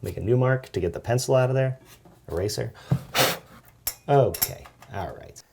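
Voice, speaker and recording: A man's voice: medium pitch, normal speed, vocal fry, background noise. A man hosting home repair videos, chatting casually and muttering in an exasperated, self-mocking way while he works outdoors.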